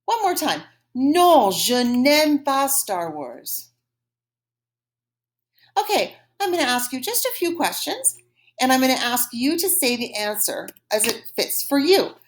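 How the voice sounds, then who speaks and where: A woman teaching a French lesson, modeling phrases slowly and clearly for students to repeat, patient and encouraging. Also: sits high, sing-song. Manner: slow, exaggerated modeling of phrases for repetition. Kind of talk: recorded language lesson.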